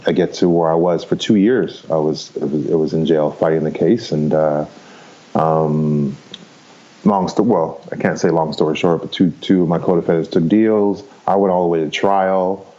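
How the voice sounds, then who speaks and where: Man, 50s, podcast guest, very low voice, frank storyteller, muffled audio. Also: normal speed, dark tone. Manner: frank, rambling, laughs easily, swears casually. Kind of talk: candid storytelling interview.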